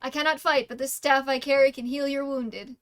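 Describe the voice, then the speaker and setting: A woman voicing a kindly old male healer priest who speaks in a gentle, courtly, fussing way. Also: sits high, fairly even intonation, fairly quick.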